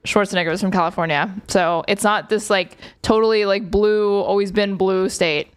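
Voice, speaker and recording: A woman streamer talks over a podcast clip, sarcastic and quick to swear. Her speech is loose and full of filler words. Her voice is smooth and clear. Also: medium pitch, steady tone. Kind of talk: casual live-stream commentary.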